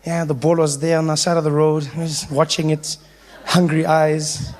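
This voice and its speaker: A man, telling a stand-up story in an animated way. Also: fairly high pitch, moderate pace, a little hiss or hum. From South Africa. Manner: animated, slipping into voices of the people in his story. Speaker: stand-up comedian.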